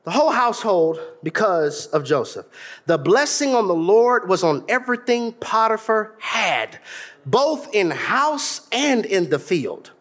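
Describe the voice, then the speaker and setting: A man preaching a sermon, mixing humor and mimicry with sudden shouts. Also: high voice, big pitch swings, measured pace. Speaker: pastor.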